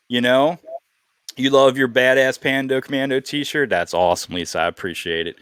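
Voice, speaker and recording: A man's voice: mid-range voice, moderate pace, fairly bright tone, smooth, no room sound, clean studio sound. Earnest man hosting a podcast. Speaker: podcast host. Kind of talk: casual podcast chat.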